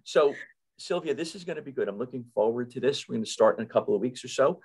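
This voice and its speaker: A man's voice: mid-range voice, lively intonation, fast, a little mellow, breathy edge, poor audio. A man with a North Jersey accent hosting a podcast, chatting eagerly and often repeating himself as he restarts. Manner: enthusiastic, repeats words and restarts. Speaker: podcast host. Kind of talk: casual interview chat.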